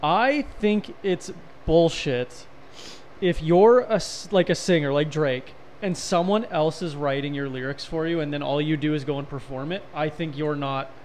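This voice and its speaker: Joking man with a higher voice. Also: darkish tone, slight background noise. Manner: joking, quick, laughs often. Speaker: podcast co-host. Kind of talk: casual chat.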